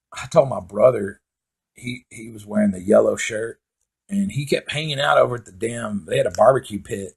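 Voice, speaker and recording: Gravelly-voiced man telling profane stories. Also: fairly low pitch. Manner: profane rambling with filler words. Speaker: comedian host. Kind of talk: casual stand-up storytelling.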